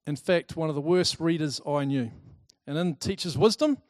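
A man giving a talk to a live audience, lively and chatty, telling personal stories and acting out the people in them. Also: a little high, normal speed, no room sound, clean studio sound. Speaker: speaker presenting to a group.

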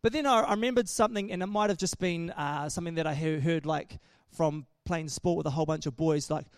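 A man's voice: fairly high pitch, quick pace, hardly any pauses, clear, resonant tone, dry recording, clean studio sound. A man preaching a casual sermon in a chatty, joking way, often restarting his sentences.

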